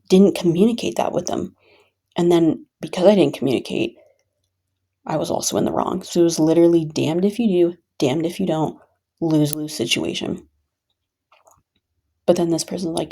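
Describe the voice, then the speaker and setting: A woman's voice: fairly low pitch, dark tone, husky. A woman telling her own story in a venting vlog, talking emphatically and repeating points for stress. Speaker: vlogger.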